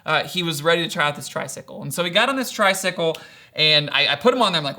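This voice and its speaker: Bright-voiced man preaching conversationally. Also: on the high side, fast talker. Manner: earnest, asks rhetorical questions; casual fillers like "kinda" and "right?". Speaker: pastor. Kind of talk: conversational sermon.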